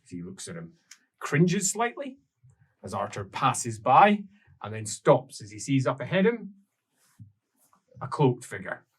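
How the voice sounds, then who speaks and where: Guy running a tabletop game, husky voice, middle pitch, storytelling off the cuff. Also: sing-song, unhurried, long pauses. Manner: improvised storytelling, many restarts. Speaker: game master.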